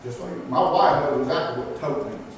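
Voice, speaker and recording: A man's voice: mid-range voice, fairly quick. A man, preaching a folksy, plain-spoken sermon and asking the congregation rhetorical questions. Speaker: pastor. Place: church sanctuary. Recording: echoey hall from far off, faint noise.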